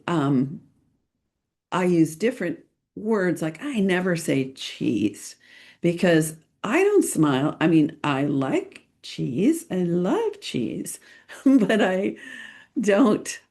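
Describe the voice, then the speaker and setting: A middle-aged woman, a children's photographer and podcast host, speaks slowly in a gravelly, darkish voice on the low side with big pitch swings. In casual podcast talk giving tips, she's chatty and playful, laughs often, and uses frequent ums and restarts.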